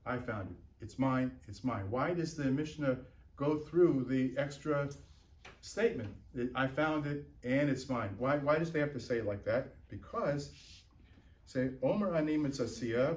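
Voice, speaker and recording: A man's voice: mid-range voice, a little mellow. Male teacher explaining a text to a class, chatty, asks "right?" a lot, distant mic in a roomy room. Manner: checks in often with "right?" and "okay?"; stumbles and repeats words while thinking aloud. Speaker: Talmud teacher.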